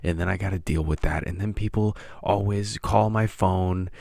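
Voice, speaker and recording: A man's voice: deep voice, steady tone, moderate pace, creaky, darkish tone, no echo, studio quality. A man hosting a podcast, rambling, profane and self-mocking. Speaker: podcast host.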